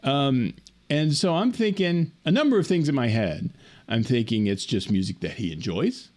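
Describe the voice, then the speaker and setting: Animated man telling a funny story. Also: medium pitch, normal speed. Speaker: podcast co-host. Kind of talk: casual chat, storytelling. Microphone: remote call.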